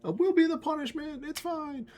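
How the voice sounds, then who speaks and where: A horde of tiny broccoli warriors, voiced by a man in a tabletop game. They shriek in high, shrill voices. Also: normal speed, faint music behind. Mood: resigned. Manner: shrill, yelling.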